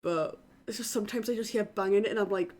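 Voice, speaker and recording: A young woman from the UK, live-streaming a game from her flat, chatting casually with her viewers and swearing offhandedly. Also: medium pitch, quick pace. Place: home in a flat.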